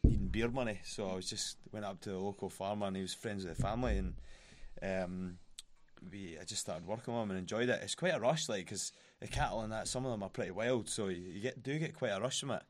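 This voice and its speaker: A man's voice: fairly low pitch, fast talker. A young Scottish man chatting on a podcast, telling stories with lots of laughs. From Scotland. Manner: laughs often, storytelling with quoted voices. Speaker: guest fighter. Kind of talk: casual podcast chat.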